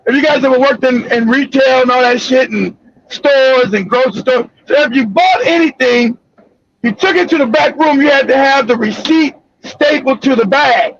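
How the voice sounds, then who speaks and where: A man telling a profane, animated story in a loud, casual way, often laughing. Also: extremely high pitch, normal speed, creaky, dry recording. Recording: dull lo-fi recording.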